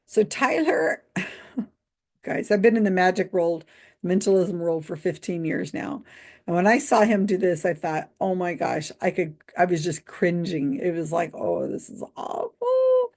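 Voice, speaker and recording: A woman's voice: lowish voice, measured pace, darkish tone. A woman who works in mentalism, giving a casual commentary monologue, amused and laughing often as she retells what she saw. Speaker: YouTube commentator.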